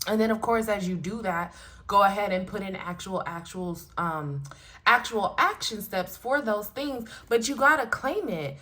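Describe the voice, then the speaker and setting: A young adult woman giving a casual spiritual oracle card reading, earnest and affirming, and she gets animated and emotional as she talks. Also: medium pitch, moderate pace.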